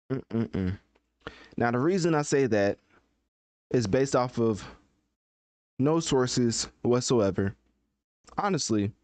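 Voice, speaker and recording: A man talks casually into a close desk microphone, hosting his live podcast. He chats loosely and thinks aloud while he searches, with a mid-pitched voice in a dry, dead room. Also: a little mellow, no echo. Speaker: podcast host. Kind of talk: casual live-stream commentary.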